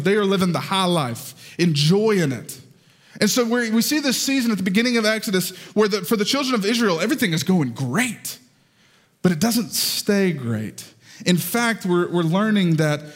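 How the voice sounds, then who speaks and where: A Southern-accented male pastor delivers his sermon with lively storytelling and playful asides. His voice sits high for a man. The sound rings out with a long hall reverb.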